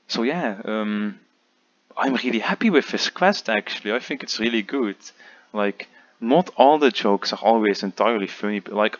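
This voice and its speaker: Low, slow, rambling man. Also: fairly bright tone, lo-fi sound. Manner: rambling, self-mocking, lots of ums. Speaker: game creator commentating his own quest. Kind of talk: casual game commentary.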